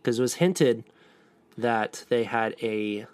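A man co-hosting a casual entertainment news podcast, joking around and filling pauses with uh and um. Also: medium pitch, darkish tone, no room sound. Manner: joking, hesitant with fillers.

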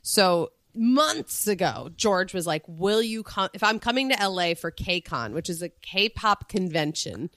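A woman co-hosting a podcast, telling stories in an animated, casual way with lots of "like" and acted-out quotes. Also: fairly low pitch, a little slow, hardly any pauses, no echo, clean studio sound. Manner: acts out quoted people in raised voices. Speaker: podcast co-host. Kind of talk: casual chat.

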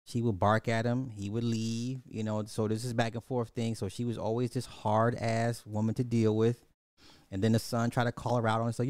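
A man's voice: mid-range voice, flat delivery, normal speed, a little mellow, clear, resonant tone, no room sound, studio quality. A man hosting a podcast, animatedly recapping a movie, repeating phrases and acting out the characters. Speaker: podcast host. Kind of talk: casual movie recap commentary.

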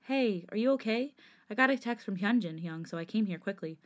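A woman's voice: mid-range voice, animated, fairly quick, close to an everyday voice. A woman voicing a protective younger man who swings between worry, outrage and comfort in a podcast fanfic reading. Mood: worried. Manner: warm but fiery, swears when angry. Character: protective, indignant younger man, loyal friend.

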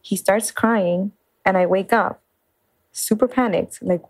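Animated woman, dry close recording. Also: mid-range voice, normal speed, no room sound, low-quality recording. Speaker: mother sharing a story. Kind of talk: casual anecdote.

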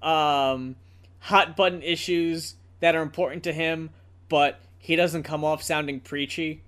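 Man, casual podcast chat, slow-paced, rambling, swears freely. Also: on the high side, steady tone, a bit bright, smooth. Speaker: podcast co-host.

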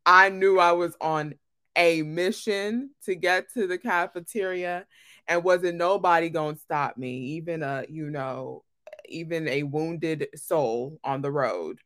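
Blunt, teasing young woman, lower voice. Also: unhurried. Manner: teasing, blunt, animated bursts. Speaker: podcast guest, best friend. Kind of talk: casual chat.

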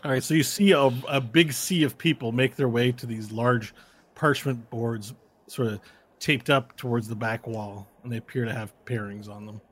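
Game master, man, easygoing narration, bright tone, loose delivery. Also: mid-range voice, moderate pace, husky. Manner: relaxed, casual narration with fillers.

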